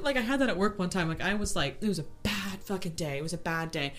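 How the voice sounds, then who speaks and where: A young woman from Oklahoma co-hosting a podcast in casual chat, telling animated stories with loud laughing bits. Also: lowish voice, quick pace. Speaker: podcast co-host.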